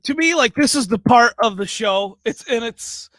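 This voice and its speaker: Man co-host, very high and bright voice, rambling and animated. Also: normal speed, dry recording. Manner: animated, rambling, many fillers. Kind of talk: casual podcast chat.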